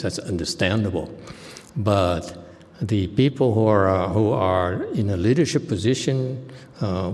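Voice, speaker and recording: A man speaking as a Buddhist monk in an informal dharma talk, blunt and scolding, with flashes of sharp indignation. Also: fairly low pitch, in a large hall.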